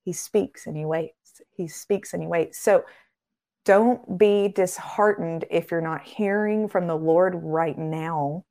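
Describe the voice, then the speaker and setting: A woman's voice: on the low side, slow, warm tone. A woman guest on a faith podcast, speaking in an earnest, preacherly way and building her points through repeated phrases. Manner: acts out quoted voices in a raised tone. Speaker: podcast guest, ministry founder.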